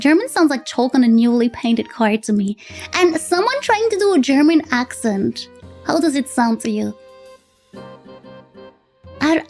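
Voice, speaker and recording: A woman's voice: high-pitched, darkish tone. A woman with a French accent chatting casually with her live-stream chat, giggling often as she reads and answers messages. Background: faint background music.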